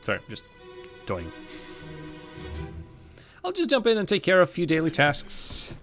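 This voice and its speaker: A man's voice: sits high, huge pitch swings, measured pace, fairly bright tone, soft background music. Chatty man streaming a puzzle game. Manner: chatty, thinking aloud, joking with chat. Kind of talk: live gameplay commentary.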